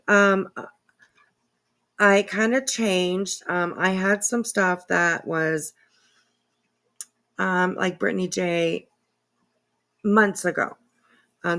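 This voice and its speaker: Woman host, casual home livestream, emotional and sniffly, slow husky-fried delivery. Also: on the low side, steady tone, bright, forceful tone. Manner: emotional, tearful, rambling with many fillers. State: teary, sniffling.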